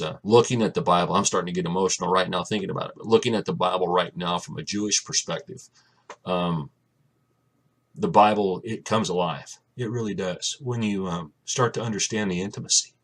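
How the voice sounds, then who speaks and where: A man giving an earnest, reflective personal talk about his faith to the camera, often trailing off quietly. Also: deep voice. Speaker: Christian vlogger.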